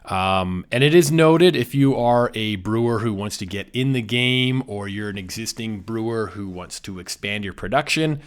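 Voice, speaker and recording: A man's voice: fairly low pitch, normal speed, few pauses, clean tone. A man chatting casually about breweries, rambling with lots of fillers. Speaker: beer reviewer. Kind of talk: casual chat.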